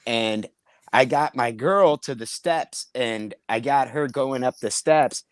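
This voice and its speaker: A man's voice: mid-range voice, takes it slowly, clear, resonant tone, no room sound. A man, a comedian, telling a rambling, profane story in casual chat and acting out the voices of the people in it.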